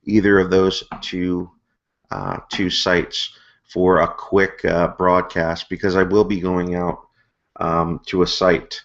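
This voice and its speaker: A man with a very low, deep voice hosts a live web stream from home, chatting loosely and circling back with lots of ums and uhs. The sound is muffled and lo-fi, like an older online broadcast. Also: flat delivery, takes it slowly. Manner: rambling, hesitant, many fillers and restarts. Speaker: host of an amateur astronomy hangout. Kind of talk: casual live-stream talk.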